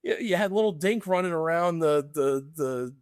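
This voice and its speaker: A man's voice: on the high side, lively intonation, normal speed, clean tone, no room sound, clean studio sound. A man co-hosting a podcast, telling stories in a loose, laughing, casual way. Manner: laid-back, laughs often, calls people man and brother. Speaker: podcast co-host. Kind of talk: casual chat.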